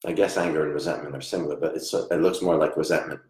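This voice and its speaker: A man giving a live online psychic reading, soft-spoken and halting, often trailing off quietly. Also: rumbling low, steady tone, slight background noise. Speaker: psychic medium. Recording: echoey room.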